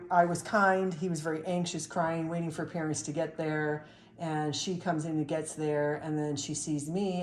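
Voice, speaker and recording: A woman's voice: on the low side, darkish tone, reverberant, slight background noise. A middle-aged woman doing a chatty, upbeat spiritual card reading. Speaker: tarot and oracle card reader.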